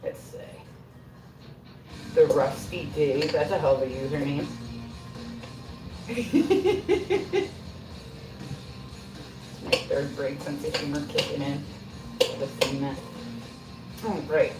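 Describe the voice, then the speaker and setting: A middle-aged woman chats away on a home livestream, self-deprecating and loose with her swearing. Her voice sits on the low side and comes from a little way off the mic. Her kitchen sounds roomy, with music playing underneath. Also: very animated, takes it slowly, long pauses. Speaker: livestream host. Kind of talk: casual livestream chat while baking. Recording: roomy echo, mic at a distance.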